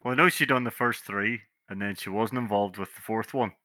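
Man, very bright tense tone, casual podcast banter. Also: on the low side, dry recording, clean studio sound. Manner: jokey, laughs often, puts on quick voices. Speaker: podcast co-host. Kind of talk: casual chat about video games.

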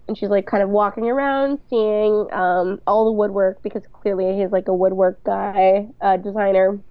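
A woman's voice: medium pitch, fairly even intonation, moderate pace, hardly any pauses. A woman chats through a casual recap as a podcast co-host. She talks loosely and now and then swears as she reads lines aloud. Her voice comes through dull and muffled, with a dry, close sound and no room echo. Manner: chatty, swears, reads show quotes aloud.

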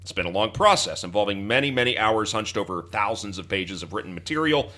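A man's voice: fairly low pitch, animated, brisk, bright, forceful tone. A young man hosting a history podcast, mixing dry, mock-formal jokes with earnest thanks to his listeners. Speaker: podcast host. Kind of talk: casual podcast chat and scripted sign-off.

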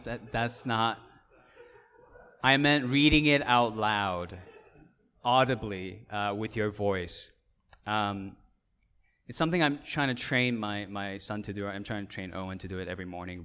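A man's voice: on the low side, fairly bright tone. A man as pastor, giving a conversational seminar talk, often checking in with his audience and correcting himself. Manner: conversational, with frequent fillers and self-corrections. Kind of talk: casual teaching talk.

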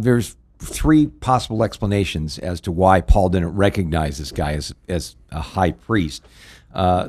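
A man co-hosting a Bible question show, explaining scripture in a relaxed, rambling way full of fillers. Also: fairly low pitch, no room sound, studio quality. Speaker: co-host answering Bible questions. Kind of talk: casual radio Bible Q&A.

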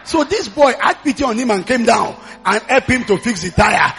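A Nigerian man preaching a sermon, telling stories quietly and then shouting exhortations to the congregation. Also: very high voice, lively intonation, moderate pace, vocal fry, few pauses, faint music behind. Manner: storytelling that builds into shouted exhortation. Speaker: pastor.

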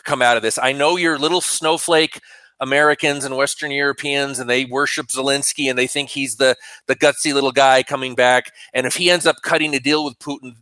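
A middle-aged man co-hosts a radio talk show, musing in a rambling, reflective way. His voice is bright and forward. The recording is dry and close. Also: mid-range voice, steady tone, fairly quick, smooth, no echo, rough recording. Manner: rambling, reflective, with many restarts. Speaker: radio co-host. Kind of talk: conversational political commentary.

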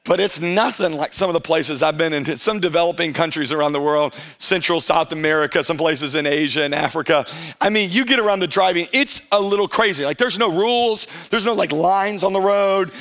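A middle-aged male pastor with a notably high voice delivers an energetic sermon. He keeps a relaxed, conversational tone and often slows right down to stretch out important phrases. Now and then he briefly acts out how churchgoers might talk. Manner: stretches key phrases slowly for emphasis.

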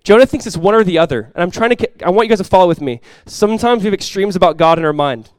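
A man preaching in a fairly high voice, chatty one moment and forceful the next as he drives home his points. The sound is dry and close, with little room around it. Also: fast talker, dry recording. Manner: conversational and emphatic, rising to loud passionate peaks. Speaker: pastor. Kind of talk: sermon.

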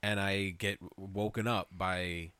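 Guy telling a wild story on a podcast, swears a ton, bright voice, super dry mic. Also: low-pitched, slow, clear, resonant tone, no echo. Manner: profane, animated storytelling with frequent "like". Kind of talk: casual storytelling chat.

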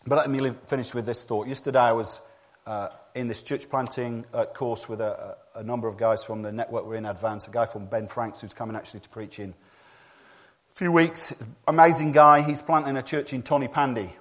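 A man preaching a sermon to a church congregation, dropping to hushed low passages and rising to loud emphatic peaks, often repeating key phrases. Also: fairly even intonation, brisk. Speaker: pastor.

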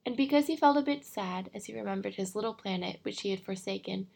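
Gravelly-voiced woman reading a storybook. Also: mid-range voice, a little mellow. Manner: measured storytelling. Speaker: narrator. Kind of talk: audiobook reading.

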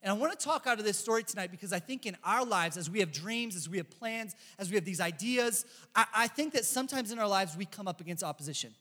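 A young man giving a casual youth sermon, chatty and animated, telling stories and reading scripture. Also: high voice, quick pace. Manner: animated, chatty, lots of "like" and "bro". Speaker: youth pastor. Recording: echoey hall reverb.

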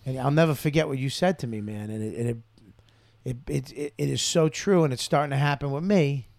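A man's voice: medium pitch, a little fast, creaky, darkish tone, no room sound. A man, a guest comedian, talking earnestly and profanely in a casual chat, building emphatic points.

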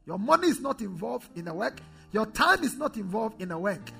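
A pastor preaching a sermon, calling on the congregation to repeat phrases, swinging from loud declarations to low quiet asides. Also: male voice, sing-song, brisk, vocal fry, slightly rough, faint music behind. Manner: preaching with call-and-response to the congregation.

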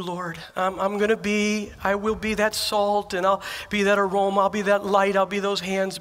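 A pastor with a high, fairly bright voice preaches a sermon in a church sanctuary. He tells personal stories earnestly and emphatically, repeating phrases as he goes.

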